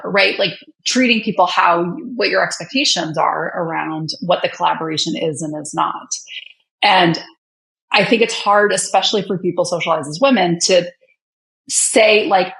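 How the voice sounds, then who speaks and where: A woman's voice: lowish voice, normal speed, vocal fry, fairly bright tone, low-quality recording. A woman guest on a podcast interview, talking thoughtfully about boundaries with a coach's choice of words. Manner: thoughtful, coaching-style phrasing. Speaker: author and guest. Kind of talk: reflective conversational interview.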